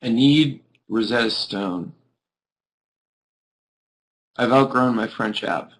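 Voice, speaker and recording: A man's voice: medium pitch, slow, low-quality recording. A sleepy young man hosting a live video chat, chatting casually with viewers in a rambling way full of "like". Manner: rambling, peppered with "like". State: sleepy, yawning.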